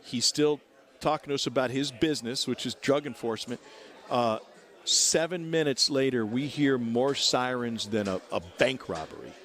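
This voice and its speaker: A man's voice: mid-range voice, normal speed. A man in his forties from Missouri, telling a long story on talk radio and acting out the people in it. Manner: acts out the people in his story with lively voices. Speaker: guest storyteller. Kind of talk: animated anecdote on talk radio.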